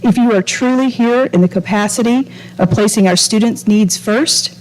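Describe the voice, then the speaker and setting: A woman's voice: a little high, moderate pace, darkish tone, low-quality recording. A woman who served on a planning committee, reading a formal, confident prepared statement to a school board. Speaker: community committee member speaking at a board meeting.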